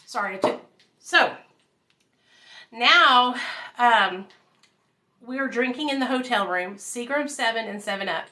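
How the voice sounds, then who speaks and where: A woman's voice: on the high side, lively intonation, measured pace, pauses often, bright, forceful tone. A woman, casually telling her life story to viewers at home, calling them y'all. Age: 30s. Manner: chatty, addresses viewers as y'all and you guys.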